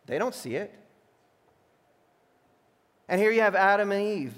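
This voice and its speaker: Male pastor preaching, kinda high voice, goes loud then hushed, long echo like a big church. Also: animated, unhurried. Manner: voices imagined speakers, alternates emphatic and hushed. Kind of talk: sermon. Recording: long reverb of a large hall.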